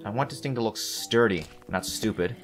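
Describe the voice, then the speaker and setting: A man with a fairly low voice chats casually while he plays, wandering off topic and poking fun at himself. He stumbles and restarts his sentences as he thinks aloud, with soft music playing underneath. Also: normal speed. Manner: meandering, self-deprecating, hesitant restarts. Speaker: gameplay commentator. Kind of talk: casual rambling let's-play commentary.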